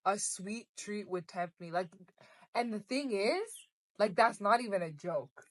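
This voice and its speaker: Young woman, podcast co-host, casual chat, playful, mid-pitched, dry sound. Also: expressive, no room sound. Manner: playful, dramatic, quick to laugh along.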